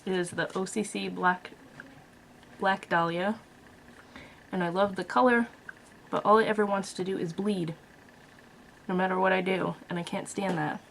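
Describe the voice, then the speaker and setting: A woman's voice: mid-range voice, fairly even intonation, moderate pace, gravelly, pauses often, fairly bright tone, a little hiss or hum. A woman vlogger casually reviewing a makeup palette, chatty and blunt with frequent fillers. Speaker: beauty vlogger.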